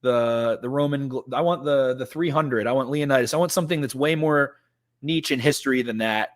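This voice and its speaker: A man's voice: mid-range voice, a little fast. A young man co-hosting a sports podcast, talking in an emphatic, ranting way and repeating points for effect. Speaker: podcast co-host. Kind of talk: casual sports talk.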